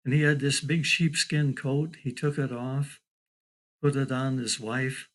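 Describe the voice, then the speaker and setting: Slow-paced older male storyteller. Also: mid-range voice, flat delivery, poor audio. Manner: measured, deliberate storyteller quoting a witness. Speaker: local historian telling a story.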